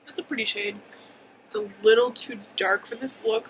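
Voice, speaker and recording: A woman's voice: fairly high pitch, steady tone, normal speed, noisy background. A woman in her twenties talking casually through a makeup tutorial, chatty and a little hyper, rambling with ums and likes. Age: 20s. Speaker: beauty vlogger.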